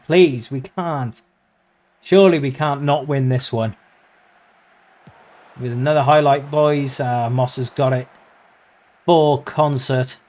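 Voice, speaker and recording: A young man giving casual, excitable play-by-play commentary over a football management game, yelping at near misses and swearing casually. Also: mid-range voice. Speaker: gaming YouTuber.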